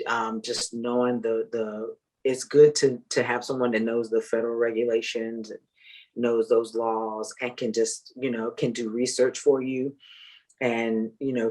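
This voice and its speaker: A woman who works as a parent advocate, talking in a measured way with many fillers. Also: extremely low pitch, a little mellow, rough recording. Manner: measured, full of "um" and "you know". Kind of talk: casual chat.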